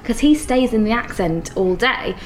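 A woman's voice: on the high side, animated, moderate pace, slight background noise, rough recording. A woman actor being interviewed, joking and laughing a lot as she talks. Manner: giggly, jokey, laughs often. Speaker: actor guest.

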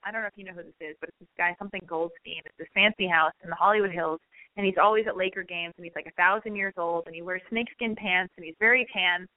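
A woman's voice: fairly low pitch, fast talker. A woman telling a casual, exasperated story to her listeners, acting out the quotes as she goes. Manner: animated, exasperated, acts out quotes; chatty, addresses listeners directly. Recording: tinny phone-like line.

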